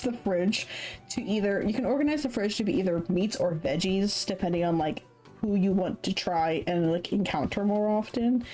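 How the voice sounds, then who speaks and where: A woman's voice: mid-range voice, a little mellow. A young adult woman streamer casually commenting while she plays a video game, chatty and irreverent, often laughing and swearing. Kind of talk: casual let's-play commentary.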